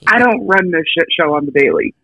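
A woman's voice: fairly low pitch, expressive, fairly quick, vocal fry, crowd noise, poor audio. A woman guesting on a casual podcast, cheeky and laughing along.

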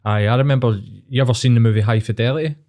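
A man's voice: mid-range voice, racing, a little mellow. A man with a Glaswegian Scottish accent, co-hosting a podcast in casual chat, supportive and matey, leaning on fillers like "do you know what I mean". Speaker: podcast co-host.

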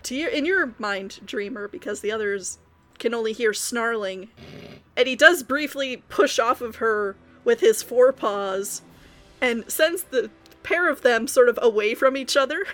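A woman's voice: a little high, animated, unhurried, fairly bright tone. Woman narrating a game, faint music. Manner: vivid descriptive narration. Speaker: game master.

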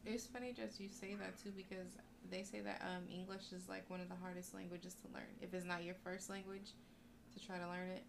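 A woman's voice: fairly low pitch, level tone, a little fast, gravelly. A woman from the United States talking casually in a laid-back, loose way. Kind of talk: casual chat. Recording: noisy room recording.

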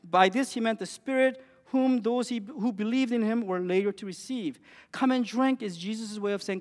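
A man with a high voice preaches a sermon, pressing points with rising emphasis and then sinking to near-quiet lines. The sound carries a long reverb from a large church hall. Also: normal speed. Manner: earnest, rising emphatic phrases with quiet drops.

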